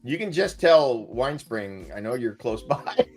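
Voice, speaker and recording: A man's voice: mid-range voice, very animated, measured pace, soft background music. A man hosting a casual livestream chat, jokey and a bit scattered, laughing often.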